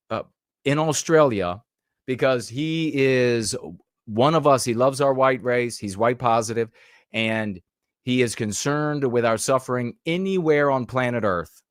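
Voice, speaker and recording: A man's voice: medium pitch, a little slow, smooth, no echo. Heated, emphatic male commentator, dry sound. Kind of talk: podcast commentary over clips.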